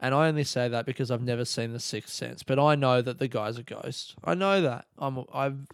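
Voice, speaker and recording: A young man talks through his week on a solo podcast, rambling and swearing freely, often breaking into laughter. His voice is smooth and clear at a middle pitch. The close mic gives a dry sound. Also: fairly quick, no echo. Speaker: podcast host. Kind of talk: casual solo podcast talk.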